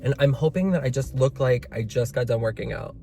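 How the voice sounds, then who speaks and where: A young man chatting excitedly to his viewers in a casual vlog, joking at his own expense and calling them "girl". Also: medium pitch, brisk, gravelly, a little hiss or hum. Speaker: vlogger. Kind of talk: casual vlog chat to camera. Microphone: phone held while talking.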